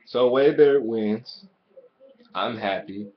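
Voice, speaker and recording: A man giving a casual, profanity-heavy wrestling show review, ranting excitably and swearing constantly. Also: medium pitch, slow, muffled recording.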